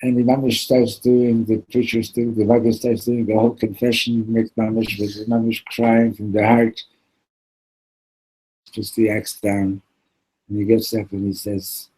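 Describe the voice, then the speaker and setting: A man teaching a Torah class, telling stories in an animated way, acting out the characters and sprinkling in Yiddish and Hebrew words. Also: fairly low pitch, normal speed, slightly rough, low-quality recording.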